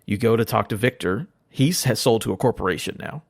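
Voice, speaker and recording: A man with a lowish, gravelly voice talks fast in a casual podcast chat, retelling a story and slipping into quoted lines as he goes. The recording is dry and close, with no room sound. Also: no room sound. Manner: rambling retelling of a game plot, quoting characters. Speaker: podcast guest.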